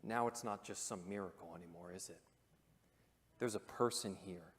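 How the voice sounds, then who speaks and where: A man preaching a sermon in a church auditorium, talking conversationally with joking asides and dropping to hushed, dramatic moments. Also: low voice, normal speed. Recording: long reverb of a church hall.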